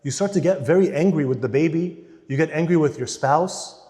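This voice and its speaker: A man giving an animated church lecture to married couples, swinging between loud emphasis and hushed asides. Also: fairly high pitch, fairly quick. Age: adult parent. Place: church hall. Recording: long reverb in a large hall.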